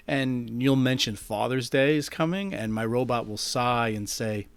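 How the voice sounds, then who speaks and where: Brief: man reading his own story into a mic, deadpan, darkly comic, dry sound. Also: medium pitch, moderate pace, hardly any pauses, clean tone, no room sound. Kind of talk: reading a short story aloud. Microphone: microphone.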